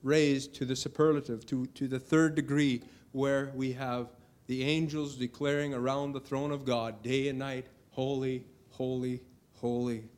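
A man's voice: medium pitch, little pitch movement, moderate pace, a little mellow. A middle-aged man preaching a sermon earnestly, building to emphatic declarations as he reads scripture.

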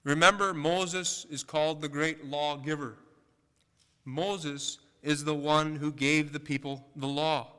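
Male pastor preaching, bright crisp voice, lots of rhetorical questions, echoey hall. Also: fairly high pitch, steady tone, slow. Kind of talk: sermon. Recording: long hall reverb.

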